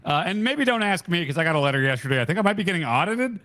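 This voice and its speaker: A man chats on a podcast with a slightly higher voice that rises and falls a lot. He rambles through his explanations with wry asides and many fillers. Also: big pitch swings, racing, pushed and bright. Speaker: podcast co-host. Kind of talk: casual chat.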